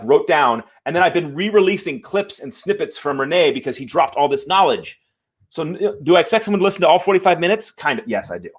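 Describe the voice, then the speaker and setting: A man hosting a live show from home, talking to viewers in a fired-up, emphatic way and apologizing after swearing. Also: a little high. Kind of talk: live-stream talk to viewers. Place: home room.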